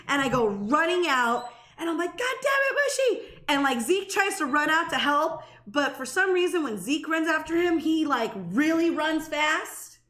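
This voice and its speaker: A woman podcast co-host in casual storytelling chat, animated and swearing freely as she talks. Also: sits high. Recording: echoey room.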